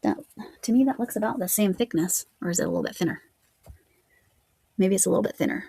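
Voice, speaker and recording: Gravelly-voiced woman chatting about yarn. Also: mid-range voice, fast talker, mellow, dry recording. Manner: chatty, musing aloud while reading yarn labels. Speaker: crochet vlogger. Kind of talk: casual show-and-tell chat.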